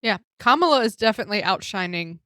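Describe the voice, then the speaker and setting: A woman's voice: medium pitch, fast, dry recording, clean studio sound. A woman co-hosting a podcast, chatting casually about a comedy show and leading the segments. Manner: relaxed, laughs easily, leads the segments. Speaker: podcast co-host.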